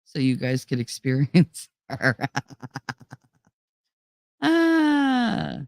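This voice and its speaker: A woman chatting casually on a livestream and answering viewer comments. She is blunt and profane and laughs often. Her voice has a gravelly fry, and the sound is dry and close. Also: sits low, huge pitch swings, very slow, no room sound. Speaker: livestream host. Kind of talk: casual chat, reading viewer chat.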